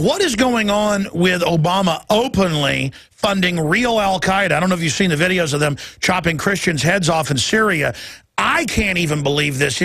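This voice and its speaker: A man hosting a talk radio show, talking rapidly and haltingly, piling up repeated words. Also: high-pitched, creaky, a bit bright, no echo. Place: radio studio.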